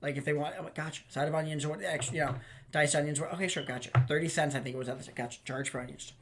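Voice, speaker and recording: A young man with a slightly high voice spins loose, rambling anecdotes, laughing and cursing as he goes. He slips into the voices of the people in his stories. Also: steady tone, racing, fairly bright tone, a little hiss or hum. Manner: rambling, laughing, swears, acts out quoted people. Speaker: podcast host. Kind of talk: casual storytelling chat.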